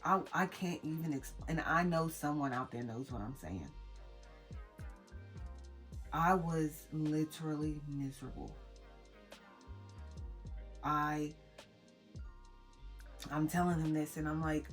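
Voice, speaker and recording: A young woman vlogging to camera, telling an emotional personal story in a halting way with many restarts. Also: low-pitched, faint music behind. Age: young adult. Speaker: mom vlogger.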